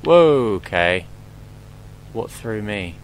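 A man's voice: lowish voice, very animated, very slow, slight background noise, low-quality recording. Jumpy joking man playing a horror game. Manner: joking, swearing, jumpy exclamations. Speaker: gameplay commentator. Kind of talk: horror game let's play commentary.

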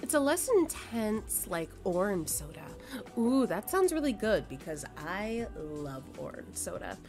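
A woman's voice: mid-range voice, big pitch swings, measured pace, a little mellow, faint music behind. A young adult woman streaming a game, chatting casually with her chat, reading and answering messages, swearing and laughing. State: sleepy, yawning.

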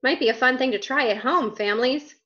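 A woman's voice: sits high, a little fast, bright, forceful tone. Children's book reader, woman, playful asides to kids; muffled recording. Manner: playful, questions to young listeners. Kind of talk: reading a picture book aloud with asides to children.

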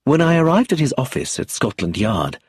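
A man narrating a story in a scripted reading voice, husky and breathy, close to the mic. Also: mid-range voice, sing-song, fairly quick, no room sound. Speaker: audiobook narrator.

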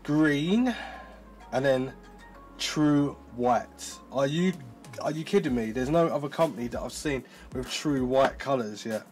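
A man reviewing tech in a casual demo, chatty and excitable, thinking aloud as he goes. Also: medium pitch, measured pace, soft background music.

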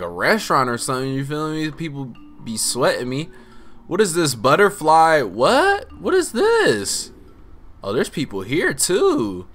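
A young man giving casual, slangy gameplay commentary as host, laid-back but prone to excited outbursts. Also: fairly high pitch. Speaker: gaming channel host.

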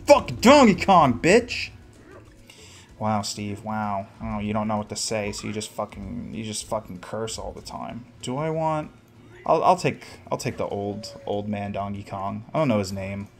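Profane young man shouting at a game. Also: fairly low pitch, normal speed, vocal fry. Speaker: gaming podcast host. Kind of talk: casual solo let's play commentary.

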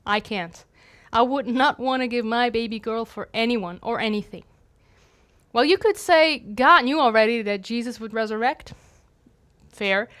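A woman's voice: a little high, a bit bright, clear, resonant tone. A young adult woman, a missionary, giving an earnest, conversational devotional talk with light humor.

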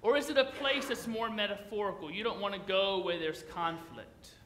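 A man's voice: high voice, moderate pace, a bit bright, echoey room, slight background noise. A man preaching a sermon as pastor, in a conversational, playful way, often putting questions to the congregation.

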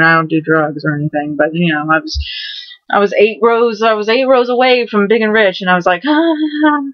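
A woman in her twenties hosting a casual vlog, rambling excitedly and restarting her words as she goes. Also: lowish voice, no echo. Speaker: vlogger host. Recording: dull lo-fi dry recording.

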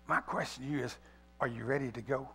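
A man preaching an Easter sermon as pastor, swinging from loud appeals to quiet pleading. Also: mid-range voice, steady tone, quick pace, a little hiss or hum. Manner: preaching, rising loud then dropping to a hush; reads a poem aloud with feeling. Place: church sanctuary.

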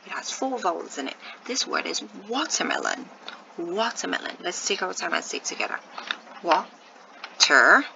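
A woman's voice: lowish voice, big pitch swings, fairly quick, gravelly, noisy background. A woman teaching a first-grade video lesson, patiently sounding out words syllable by syllable and encouraging her young viewers.

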